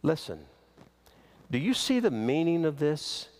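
A man preaching a sermon as pastor, slow and emphatic, with big swings in pitch. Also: big pitch swings, a little mellow. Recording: long hall reverb.

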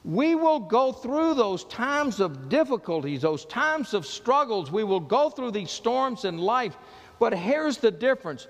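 A man preaching a sermon as pastor, with impassioned delivery that drops low and soft when he quotes the words of Jesus. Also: sing-song, a little slow, in a large hall.

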